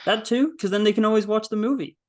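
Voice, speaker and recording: Male podcast host, higher voice, upbeat, casual. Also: quick pace. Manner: upbeat, encouraging. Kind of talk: casual interview chat.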